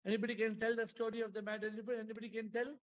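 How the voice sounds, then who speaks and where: High-voiced Indian English spiritual teacher. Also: male voice, little pitch movement, rapid-fire, muffled recording. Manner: storytelling, repetitive, asks the audience questions. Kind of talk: spiritual talk to an online audience. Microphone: video call.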